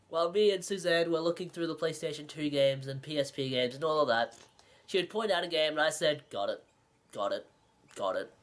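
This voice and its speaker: Casual vlogger, rambling, sarcastic, self-mocking, game collector showing a haul. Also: mid-range voice. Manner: rambling, joking and sarcastic, with frequent laughs; self-mocking asides and quick restarts.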